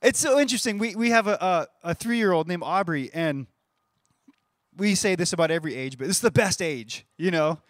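A man's voice: sits high, a little fast, dry recording, studio quality. A man in his thirties giving a sermon in a conversational way, often repeating words as he starts a phrase. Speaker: pastor.

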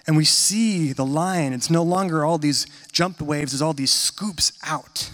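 A man in his thirties preaching a sermon in a conversational, animated storytelling manner. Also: fairly high pitch, unhurried. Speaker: pastor.

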